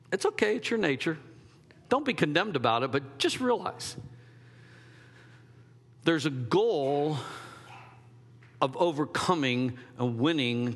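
A man preaching a sermon in an animated, conversational way, slipping into quick acted asides. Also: fairly high pitch, long reverb tail. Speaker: pastor.

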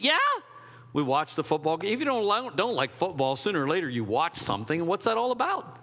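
A man preaching a sermon in an animated, conversational way, slipping into quick acted asides. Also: very high voice, in a large hall. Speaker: pastor.

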